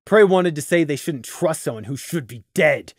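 A man reading a fantasy story aloud as a dramatic, expressive audiobook narration. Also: fairly high pitch, normal speed, no room sound, clean studio sound. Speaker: voice actor narrator.

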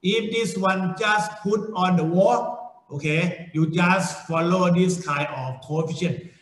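A middle-aged man with a Thai accent, a native Thai speaker lecturing on engineering, slow and repetitive, with frequent okays and restarts. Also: sits high, a bit bright, reverberant, rough recording. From Thailand. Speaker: university lecturer.

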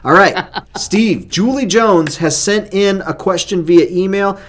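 High-voiced upbeat co-host reading comments. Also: male voice, a little slow, a bit bright. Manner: upbeat, reads comments aloud. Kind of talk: live-stream chat.

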